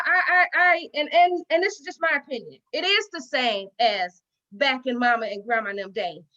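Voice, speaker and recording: A high, bright, forceful voice belongs to a middle-aged woman speaking as the guest at a women's dinner. Her heartfelt talk at the venue is folksy storytelling, with repetition and quotes she performs. The lo-fi recording has a dull sound.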